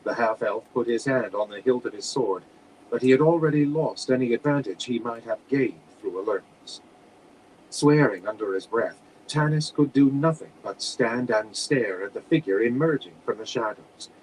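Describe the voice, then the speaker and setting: At a moderate pace, a male audiobook narrator with a mid-level voice reads fantasy fiction plainly and evenly. The rough recording carries a faint air-conditioner hum and the sound of a home room.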